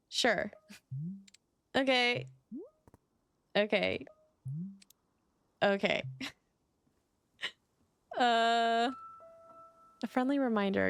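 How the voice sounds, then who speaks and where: A woman's voice: mid-range voice, vocal fry, a little hiss or hum. A woman casually commenting as she plays a game, chatty and giggly. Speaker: streamer.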